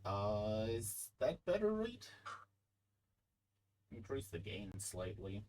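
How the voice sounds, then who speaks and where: A man's voice: fairly low pitch, big pitch swings, slow pace, darkish tone, a little hiss or hum, low-quality recording. Man reading game dialogue aloud. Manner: reads text evenly, breaks off for casual comments. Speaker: streamer. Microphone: desk microphone.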